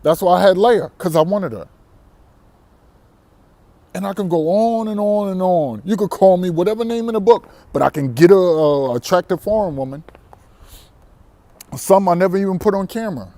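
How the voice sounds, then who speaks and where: Brash, boastful man with a mellow voice. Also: sits high, normal speed, pauses often, no room sound. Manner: boastful, defiant, profane, laughs often. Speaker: vlogger on dating abroad. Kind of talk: brash monologue to camera.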